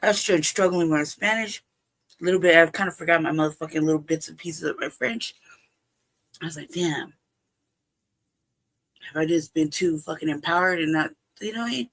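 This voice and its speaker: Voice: medium pitch, a little fast, pauses often, a bit bright. A livestream host telling a personal story casually, heavy with profanity, laughing often and acting out both sides of a conversation. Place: home livestream setup.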